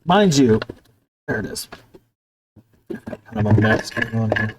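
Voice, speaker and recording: Slow, lively-pitched woman streamer. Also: breathy edge. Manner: rambling, self-talk, coos at her pet. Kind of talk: casual live-stream chat.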